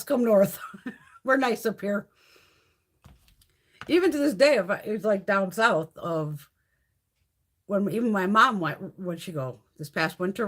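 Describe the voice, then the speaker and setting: A woman hosting a live beauty stream, chatting with viewers in a blunt, profane, ranting way and laughing often. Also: lowish voice. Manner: laughs often while talking. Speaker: beauty livestream host.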